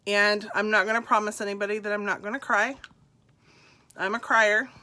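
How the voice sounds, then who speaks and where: A middle-aged woman, congested, sharing a personal story on a live stream in a slow, heartfelt, confiding way and greeting viewers by name. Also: medium pitch, flat delivery, pushed and bright.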